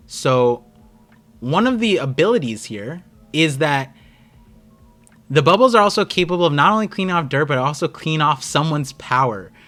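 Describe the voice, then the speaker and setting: Excitable young man rambling to chat. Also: medium pitch. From United States. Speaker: streamer host. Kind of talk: casual live-stream chat.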